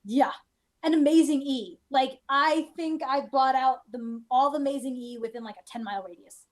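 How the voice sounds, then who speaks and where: A woman's voice: high-pitched, moderate pace. A woman guest in a casual chat, rambling and wry, with lots of "like" fillers. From United States. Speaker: guest cosplayer.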